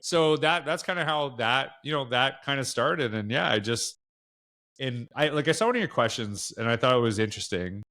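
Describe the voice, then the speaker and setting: A middle-aged man with a Canadian accent chats as a podcast guest. His pitch sits in an ordinary middle range. He rambles loosely, full of fillers and self-corrections. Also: expressive, normal speed, bright, forceful tone. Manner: rambling, lots of fillers and restarts, acts out quoted dialogue. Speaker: podcast guest, education speaker. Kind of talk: casual interview chat.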